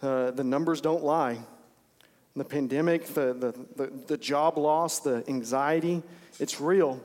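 Man, pastor, conversational sermon, slightly high voice, repeats phrases, reverberant church hall. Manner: informal, repeats phrases for emphasis, many restarts.

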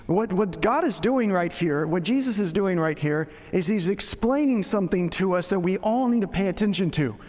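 Man preaching, high voice, conversational and joking, long reverb of a church hall. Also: lively intonation, moderate pace, few pauses, darkish tone. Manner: conversational, joking, with frequent restarts. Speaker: pastor. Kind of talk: sermon.

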